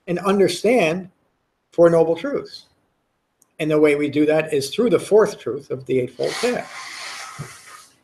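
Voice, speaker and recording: A man's voice: fairly high pitch, creaky, a little mellow. A man giving a Dhamma talk to a meditation class, earnest and emphatic, often repeating words and restarting phrases. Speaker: meditation teacher. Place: meditation center.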